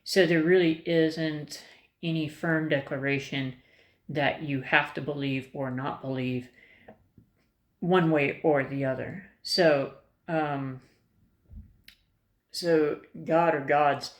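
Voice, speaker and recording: A woman's voice: sits low, fairly even intonation, slow, pauses often. Rambling woman in an echoey room. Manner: rambling and tangential, with many ums and restarts; thoughtful, hedging. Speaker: vlogger. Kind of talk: casual talk to camera.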